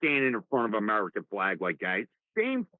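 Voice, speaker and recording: A man's voice: lowish voice, a little fast, no room sound. Fired-up New Jersey man on a tinny line. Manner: animated, rambling, repeats words. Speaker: talk show host. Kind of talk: casual political talk. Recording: dry tinny phone-like sound.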